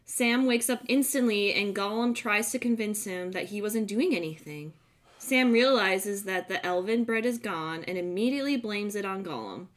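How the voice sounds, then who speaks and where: A woman's voice: medium pitch, moderate pace. A young adult woman hosting a casual chat, retelling a film scene by scene in a profane, giggly way. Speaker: podcast host recapping a film.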